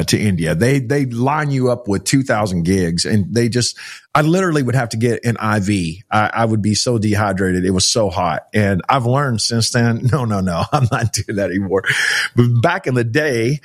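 A middle-aged man from Texas, telling stories in an interview and acting out the dialogue. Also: lowish voice. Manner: animated storyteller, acts out quoted dialogue. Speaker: child rescue organization founder. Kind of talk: storytelling in an interview.

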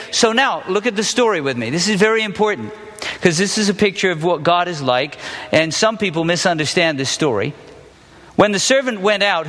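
A man's voice: high-pitched, fairly bright tone, in a large hall. A man teaching a Bible story as a sermon, asking the listeners questions and then answering them himself. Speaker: preacher teaching a Bible passage.

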